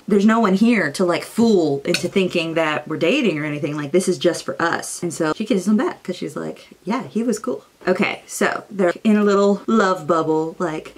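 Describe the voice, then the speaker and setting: A young woman casually summarizing a novel's plot, chatty and acting out characters in quick asides. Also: lowish voice. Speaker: booktuber.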